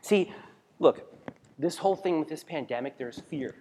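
Pastor preaching in an echoing hall. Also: male voice, a little high, lively intonation, normal speed, darkish tone, a little hiss or hum. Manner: conversational, asks the congregation questions, frequent restarts. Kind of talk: sermon. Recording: long reverb of a large hall.

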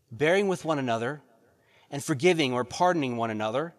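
A pastor preaching a sermon, reading verses and pressing the congregation with rhetorical questions and repeated phrases. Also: male voice, mid-range voice, lively intonation, normal speed.

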